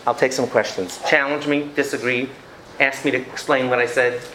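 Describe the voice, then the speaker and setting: A man's voice: mid-range voice, little pitch movement, moderate pace, reverberant, background noise. A man giving a lecture on parenting to an audience, acting out scenes with his children and taking questions. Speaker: educator giving a parenting talk.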